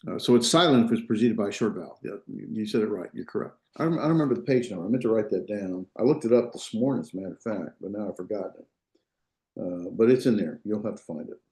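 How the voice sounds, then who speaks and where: In a classroom lecture, a Biblical Hebrew teacher speaks fast in a fairly low, mellow, relaxed voice that echoes around the room. His style is loose and unpolished, with restarted sentences and checks that students are following.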